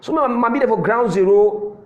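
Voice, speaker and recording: A man's voice: sits high, unhurried, roomy sound, narrow, tinny audio. A man from Southern Cameroon with a Cameroonian Pidgin English accent, giving a fiery political address and hammering his points home with repetition. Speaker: political commentator.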